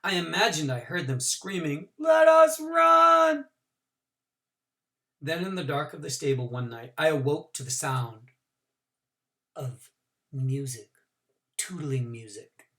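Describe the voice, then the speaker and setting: A male teacher reading a novel aloud to his class, with expressive voices for the characters and small asides explaining things. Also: mid-range voice, unhurried. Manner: adds short explanations for listeners. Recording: voice picked up from a distance from the mic.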